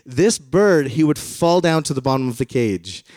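A man's voice: medium pitch, expressive, normal speed, darkish tone, no room sound, studio quality, pitched above the performer's own voice, natural voice. A man voicing an exasperated male customer complaining to a shopkeeper, insistent and incredulous.

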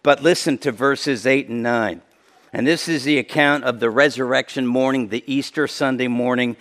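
A man preaching a sermon in a conversational way, with sudden emphatic rises and quiet drops. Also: mid-range voice, steady tone, moderate pace, big-room sound. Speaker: pastor.

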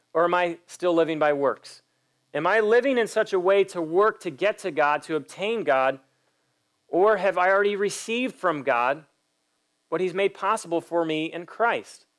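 Male pastor, fairly high voice, emphatic sermon delivery with pointed questions to the congregation. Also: animated, measured pace, a bit bright. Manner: acts out quoted voices in a story.

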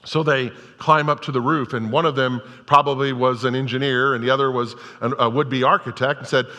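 Bright-voiced preacher in a reverberant hall. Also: male voice, mid-range voice, fast, hardly any pauses. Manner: conversational storytelling preaching. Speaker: pastor. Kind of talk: sermon. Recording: long reverb of a large hall.

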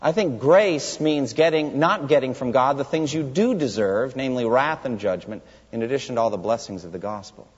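In a church sanctuary, a man preaches an expository sermon with emphasis, putting rhetorical questions to the congregation. His husky mid-range voice is expressive and a little fast, with hardly any pauses. The recording has long hall reverb and a dull lo-fi sound.

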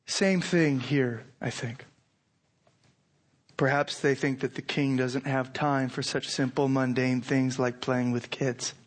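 A middle-aged man preaching a sermon, animated, acting out imagined lines with rising intensity. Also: mid-range voice, slow pace. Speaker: pastor.

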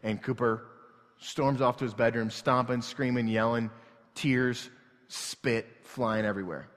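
A pastor preaching an earnest, emotional sermon that moves between hushed and loud passages. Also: male voice, medium pitch, steady tone, unhurried. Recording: long reverb from a large hall.

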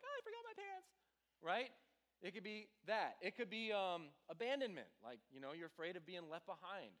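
A man giving a casual youth sermon to a live group in an indoor room, talking in a lively, conversational way and acting out voices in his stories. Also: fairly high pitch. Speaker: youth pastor. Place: warm indoor room with a stage.

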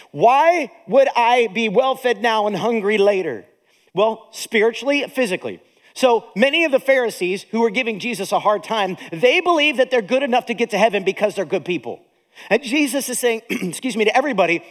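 A man preaching a sermon as a pastor, animated, with dramatic pauses. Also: high voice, big-room sound.

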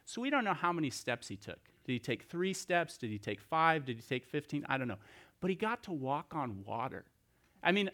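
A man's voice: mid-range voice, fairly bright tone. A man preaching a sermon as pastor, telling a scripture story in a conversational way with rhetorical questions and restarts.

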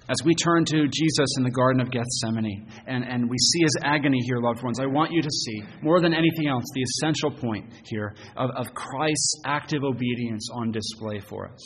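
A man preaching a sermon as pastor, earnest and halting, often repeating words as he goes. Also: medium pitch. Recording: long church reverb, faint noise.

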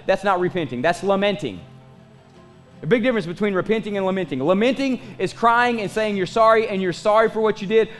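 High-voiced man preaching a sermon. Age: 40s. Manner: conversational preaching with rhetorical questions and asides to the congregation. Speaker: pastor.

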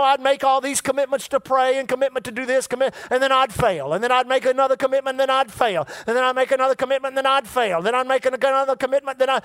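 A man's voice: extremely high pitch, a bit bright, no room sound. A middle-aged man preaching a sermon in a folksy, repetitive way and calling out to the congregation. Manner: folksy, repeats words, calls on the congregation.

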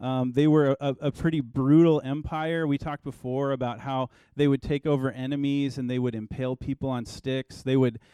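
A man in his thirties, a pastor giving a relaxed, conversational sermon with personal stories. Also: medium pitch, normal speed, few pauses, smooth, no echo.

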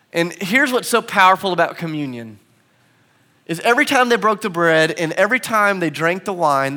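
Earnest young male preacher, fairly high voice. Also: a bit bright. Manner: earnest, personal storytelling with emphatic swells. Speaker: pastor. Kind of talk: sermon. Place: church sanctuary before a congregation.

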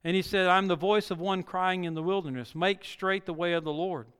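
A man's voice: sits high, steady tone, a little fast, few pauses, a bit bright, smooth. A male pastor preaching a sermon, reading scripture dramatically and building to emphatic peaks. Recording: long reverb of a large hall.

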